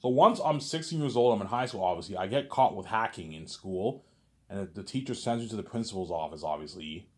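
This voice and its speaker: A man's voice: fairly low pitch, lively intonation, fairly quick. A man telling a long, rambling story casually, repeating words often and adding constant filler tags.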